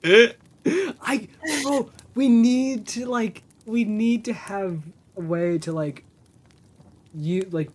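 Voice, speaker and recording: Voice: mid-range voice, extremely slow. A co-host on a voice call who teases and mockingly repeats lines back in casual chat.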